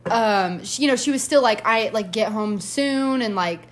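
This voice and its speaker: A young woman with a slightly high voice talks through a story, full of fillers and quick giggles. She sounds casual and friendly, like she's chatting with a close friend. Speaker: podcast co-host. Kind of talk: casual chat.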